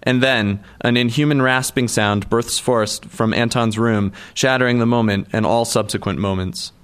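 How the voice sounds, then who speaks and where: Man, novel narration, measured storytelling, mid pitch. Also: fairly even intonation, fairly bright tone, clean tone. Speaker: audiobook narrator. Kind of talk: scripted narration.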